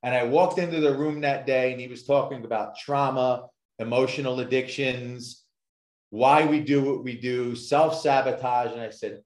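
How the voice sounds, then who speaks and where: A man's voice: mid-range voice, steady tone, moderate pace, a little mellow. A man who is a success coach, telling his story as a guest on a podcast in an emphatic way and repeating points for effect. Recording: echoey room.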